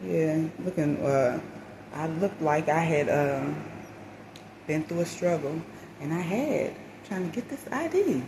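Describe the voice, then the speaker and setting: A woman tells a story in a casual vlog, with a fairly low voice. She is animated and dramatic and acts out the people in it. The recording carries a clear steady hiss behind her. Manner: animated, dramatic retelling with quoted voices and religious exclamations. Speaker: vlogger. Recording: noisy background hiss.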